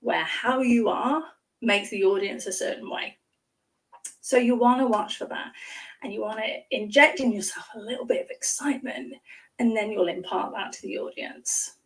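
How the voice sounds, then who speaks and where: A woman coach chats over a video call with a fairly high voice, lively and acting out examples as she talks. Her voice sounds a little distant from the microphone. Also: normal speed. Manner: lively, acts out examples with exclamations. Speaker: guest speaking coach. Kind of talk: casual chat on a live stream.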